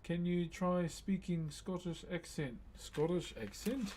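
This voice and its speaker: A man's voice: sits high, takes it slowly, dark tone, a little hiss or hum. A man with a New Zealand accent hosting a live stream, chatting casually and thanking viewers by name in a friendly, slangy way. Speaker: livestream host.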